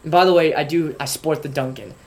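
A young man in college telling a funny story in casual chat, animated and rising to outraged bursts. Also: fairly high pitch, brisk. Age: young adult. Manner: animated storyteller, voice jumps up when acting outraged.

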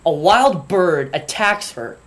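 High-voiced joking male co-host. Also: takes it slowly. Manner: animated, joking storyteller. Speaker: podcast co-host. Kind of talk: casual storytelling chat.

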